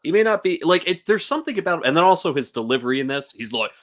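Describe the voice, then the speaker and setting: Male co-host, lively chatter, jumps up to mimic voices. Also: racing. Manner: animated, mimics others in high voice. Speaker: podcast co-host. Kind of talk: casual chat.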